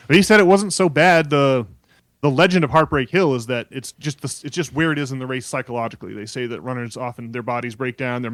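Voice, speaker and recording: A man's voice: medium pitch, a bit bright, no echo. A man co-hosting a casual podcast, talking at length in a rambling way with many fillers and restarts. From New England. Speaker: podcast co-host.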